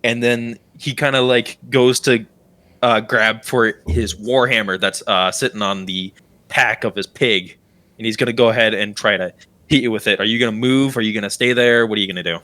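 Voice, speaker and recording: Guy running a tabletop game, bright forceful voice, super casual, lots of um and like. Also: on the low side, fairly even intonation, normal speed. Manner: casual, rambling, full of fillers. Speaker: dungeon master.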